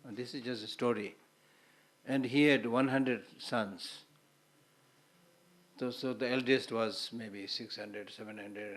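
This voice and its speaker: A man's voice: medium pitch, a bit bright. A man giving a Buddhist teaching, telling stories in a conversational way, often repeating words and adding short Hindi asides.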